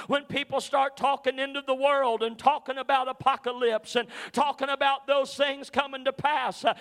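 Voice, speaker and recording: A man preaching in a very high, sharp voice at a church service. He drives his revival sermon in short, chanted phrases, each one pushed out with "uh", and he breaks into shouted "amen" and "hallelujah". He rises to a shout and then falls back to a quiet, close plea. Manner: punctuates lines with "uh", "amen" and "hallelujah", swells to shouting. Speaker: pastor.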